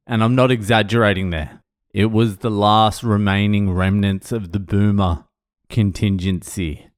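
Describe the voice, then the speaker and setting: Middle-aged man vlogging, slow and deliberate, swears freely, heartfelt and blunt. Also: on the low side, steady tone, dry recording, studio quality. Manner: blunt, profane, emotional storytelling. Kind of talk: casual monologue to camera.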